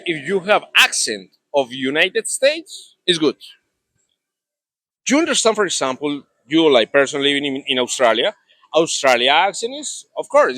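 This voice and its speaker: A young man with a Colombian Spanish accent, a native Spanish speaker, talking in an interview in halting English with many restarts. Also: fairly high pitch, pushed and bright, no room sound. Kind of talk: casual interview talk.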